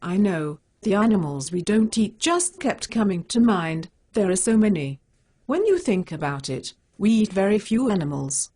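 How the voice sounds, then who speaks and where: A blunt, stubborn female cat superhero from an animated short, spoken by a computer voice. She has a slightly husky, mid-height voice that jumps around in pitch. She speaks in short, flat statements. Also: moderate pace. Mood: defensive. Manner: plain, blunt, defensive. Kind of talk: synthetic animated dialogue.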